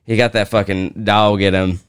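A man's voice: lowish voice, flat delivery, normal speed, clean tone, no room sound, studio quality. A man co-hosting a podcast, telling a profane story with lots of energy in casual chat. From Kansas, USA. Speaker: podcast co-host.

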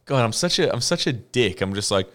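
A man's voice: mid-range voice, expressive, fairly quick, a bit bright, smooth. A man co-hosting a podcast in casual chat, rambling and restarting often. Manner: rambling, self-interrupting, laughing often. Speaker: podcast co-host.

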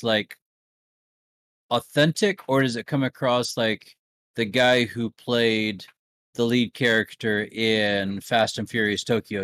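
A man co-hosting a podcast, teasing his friends in casual chat, laughing often and pausing on fillers. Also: mid-range voice, a bit bright, dry recording, clean studio sound.

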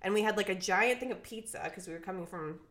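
Bright, chatty young woman telling a story. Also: medium pitch, fast talker. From Minnesota, US. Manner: animated, acts out quotes, says "like" constantly. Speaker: podcast co-host. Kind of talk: casual storytelling chat.

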